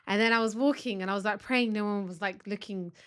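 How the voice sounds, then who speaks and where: A woman co-hosting a podcast from home, telling stories in a chatty, animated way. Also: medium pitch, fast talker, clean tone, no echo, studio quality. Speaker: podcast co-host. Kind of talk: casual chat. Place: family home.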